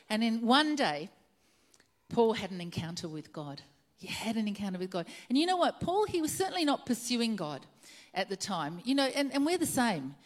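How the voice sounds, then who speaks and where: A woman preaching a sermon, retelling a story earnestly and repeating her key phrases for emphasis. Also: medium pitch.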